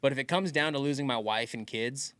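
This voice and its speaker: A man's voice: medium pitch, fairly quick, sharp tone, dry recording. A man who does stand-up, co-hosting a podcast in casual chat, earnest and rambling with many fillers. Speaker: podcast co-host, stand-up comedian.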